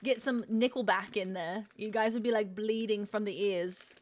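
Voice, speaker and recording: A woman's voice: mid-range voice, fairly even intonation, normal speed. A woman streamer chatting casually while she tastes snacks on a live stream, self-mocking and swearing freely.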